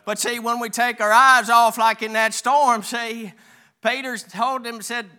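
A man's voice: very high-pitched, level tone, pushed and bright. A man preaching a folksy sermon, calling the congregation "honey" and reading scripture aloud with small stumbles. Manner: calls listeners "honey", reads scripture aloud haltingly.

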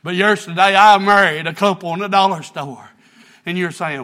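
A man, preaching a sermon, telling a folksy story that builds into shouted preaching. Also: sits high, normal speed. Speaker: pastor.

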